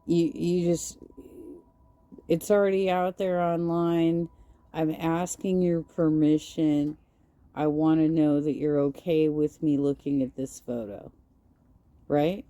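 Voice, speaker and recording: Low, dark-voiced woman commentator. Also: dry recording. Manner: calm, measured, lecturing. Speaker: commentary host. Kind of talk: commentary over clips.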